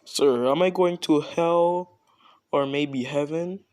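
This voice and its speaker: A man's voice: fairly high pitch, takes it slowly, darkish tone. A man voicing a powerful male villain who talks formally and politely.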